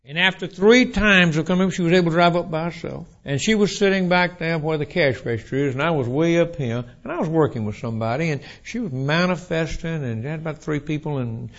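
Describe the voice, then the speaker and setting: A man preaching a sermon, telling stories in a folksy, animated way. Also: a little high, muffled recording. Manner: folksy, animated storytelling with restarts.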